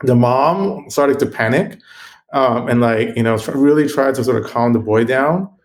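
A man being interviewed as a guest, telling a personal story in an earnest, halting way with frequent ums and restarts. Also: medium pitch. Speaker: guest, computational biologist.

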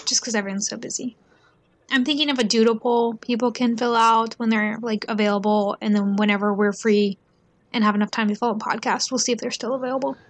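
A woman's voice: on the high side, steady tone, a little fast. A young woman co-hosting a casual podcast chat, chatty and often saying "um" and "so". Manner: chatty, with fillers like um and so. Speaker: podcast co-host.

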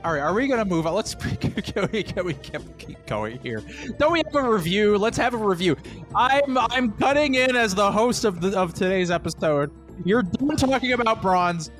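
A man's voice: high voice, lively intonation, normal speed, a bit bright, faint music behind. A man hosting a casual podcast, hurrying his co-hosts along with mock impatience. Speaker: podcast host.

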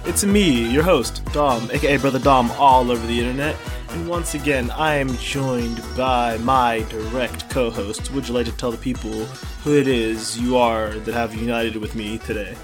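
A man's voice: medium pitch, steady tone, normal speed, hardly any pauses. Playful male podcast host, casual banter over background music. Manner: playful, jokey. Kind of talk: casual chat.

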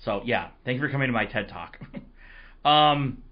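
A man hosting a casual sports podcast, his voice hoarse, telling rambling, excitable stories. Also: on the low side, fast talker, dull audio. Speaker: podcast host.

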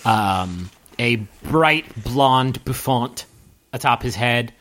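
Lively, halting man narrating as game master. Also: medium pitch. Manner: loose, halting narration with many fillers.

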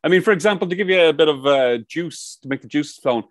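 A man's voice: on the high side, expressive, quick pace, dry recording. A man co-hosting a casual podcast chat, telling rambling stories and swearing freely. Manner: rambling storyteller, swears a lot. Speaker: podcast co-host. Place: outdoors by the coast.

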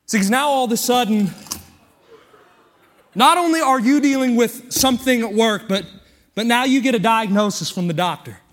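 Male pastor, very high pitch, breathless, earnest sermon cadence that builds. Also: moderate pace, pauses often, fairly bright tone. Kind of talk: sermon with a live weightlifting illustration.

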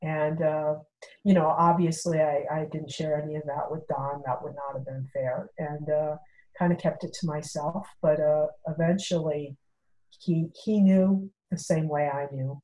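Middle-aged woman, slightly low voice, casual storyteller who acts out dialogue. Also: a little slow, poor audio. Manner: animated, acts out quoted dialogue, many fillers. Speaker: guest telling a personal story.

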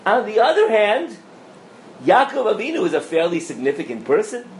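A man, a rabbi, giving a lively Torah class to a live audience, often asking if they follow him and mixing in Hebrew and Yiddish terms. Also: sits high, moderate pace, reverberant, a little hiss or hum. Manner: animated, asks the audience questions, mixes in Hebrew and Yiddish terms. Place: lecture room with an audience.

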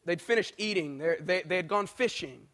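Man, pastor, sermon, lively storytelling, higher voice. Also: moderate pace. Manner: animated storyteller, voices quoted characters, swings between soft and emphatic.

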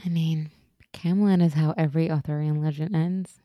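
A woman's voice: sits low, steady tone, moderate pace, dry recording, highs cut off. A woman co-hosting a podcast, chatting casually and laughing often as she recaps a TV episode. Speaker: podcast co-host.

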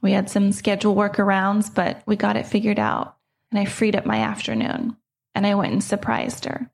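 A woman's voice: mid-range voice, normal speed, vocal fry. A middle-aged woman hosting her own podcast, telling a personal story in an earnest, reflective way. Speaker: podcast host.

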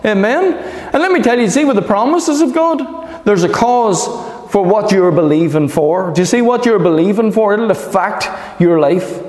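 A man preaching a sermon as pastor, emphatic and animated, calling for amens from the congregation. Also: high-pitched, moderate pace. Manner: emphatic, animated preaching with repeated calls of amen. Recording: echoey hall reverb.

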